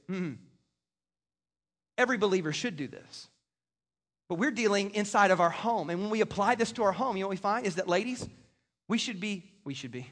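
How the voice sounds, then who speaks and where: This man's voice sits high and fairly bright, with lively intonation, a brisk delivery, and frequent pauses. Preaching as a pastor from a church stage in a big hall, he keeps things conversational and jokes with the congregation. Long hall reverb colors the recording.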